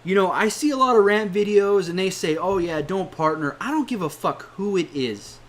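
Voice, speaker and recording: A man's voice: high voice, expressive, normal speed, slight background noise. Young man ranting, heated and profane. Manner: profane, heated and blunt, swearing often. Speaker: YouTuber. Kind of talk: angry rant to camera.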